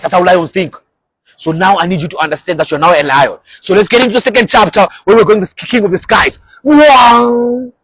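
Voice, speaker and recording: Husky-voiced man preaching with animated energy. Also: on the high side, no room sound. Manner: animated, acts out short quoted voices. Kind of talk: energetic sermon.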